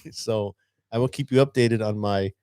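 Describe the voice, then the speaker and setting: Animated storytelling man, dry close mic. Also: lowish voice, measured pace, clean tone, no echo. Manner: animated, acts out a student's lines. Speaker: teacher and podcast co-host. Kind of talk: casual storytelling chat.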